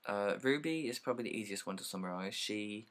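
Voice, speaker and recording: A man's voice: on the low side, lively intonation, a little fast, a bit bright, poor audio. A young man casually summarizing plays, rambling with lots of likes and ums and casual swearing.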